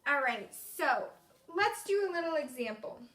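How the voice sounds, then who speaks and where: A woman's voice: sits high, sing-song, unhurried, sharp tone, reverberant. A woman teacher giving an encouraging, sing-song reading lesson to young children.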